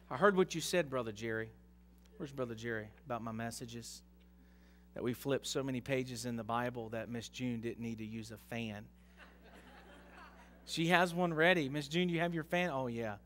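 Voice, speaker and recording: A man preaching an interactive sermon in a church, joking with the congregation and rising to slow, loud emphasis. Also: mid-range voice, a little hiss or hum. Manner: jokes with the congregation, leads call-and-response reading. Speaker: pastor. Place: church sanctuary. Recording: long hall reverb.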